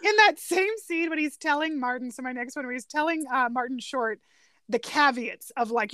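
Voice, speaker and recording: A woman's voice: high-pitched, animated, fairly quick, fairly bright tone, dry recording. A woman co-hosting a podcast, eagerly retelling favorite film scenes and quoting lines with laughter. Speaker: podcast co-host. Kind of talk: casual chat recapping a film.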